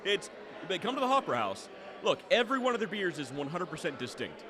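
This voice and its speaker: A man co-hosting a podcast, bantering quickly and reading viewer comments aloud, recorded outdoors at a brewpub's beer garden. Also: high voice, very animated. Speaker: podcast co-host. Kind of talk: casual chat. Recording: outdoor recording with crowd chatter behind.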